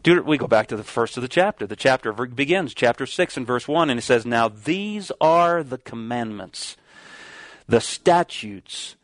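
A man's voice: medium pitch, animated, no room sound. Man preaching, dry close sound. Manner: reads King James verses slowly, stresses key words, some restarts. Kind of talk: sermon with scripture reading.

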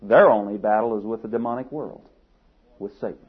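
A man's voice: fairly low pitch, fairly quick, husky. A man preaching a sermon, asking rhetorical questions and building to emphatic peaks. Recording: tinny phone-like sermon recording.

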